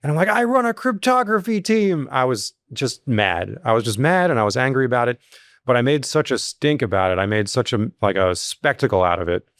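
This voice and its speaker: Animated man telling a story, dry close mic. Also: mid-range voice, a little fast, no room sound. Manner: animated, rises sharply when acting out quotes; filler-heavy, restarts. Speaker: security company CEO, guest. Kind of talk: casual storytelling interview.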